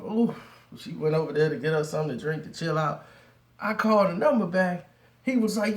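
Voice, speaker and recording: A man telling a street story in slangy, lively talk, with laughing asides and acted-out voices. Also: high-pitched, a little fast. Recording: roomy echo.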